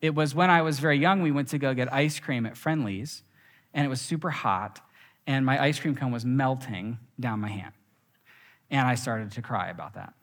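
A young adult man preaching a sermon, telling stories with lively acted quotes. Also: medium pitch, normal speed. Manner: animated storytelling with acted quotes. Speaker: pastor. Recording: reverberant hall.

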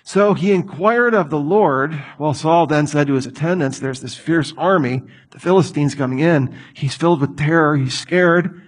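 A man preaching a sermon, reading a passage and acting out the people in it with lively commentary. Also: on the high side, moderate pace, slightly rough. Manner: animated, acts out voices of the people in the story. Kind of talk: expository sermon.

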